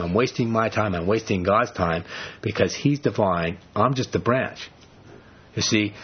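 Middle-aged male Bible study teacher, husky, rambling conversational delivery on a dull recording. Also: medium pitch. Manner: conversational, rambling with restarts, rises for emphasis. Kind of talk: informal Bible study sermon.

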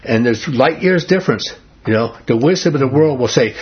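Husky guy teaching bible study, earnest, asks the group stuff, dull lo-fi sound. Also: mid-range voice, expressive, a little fast. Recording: dull lo-fi recording.

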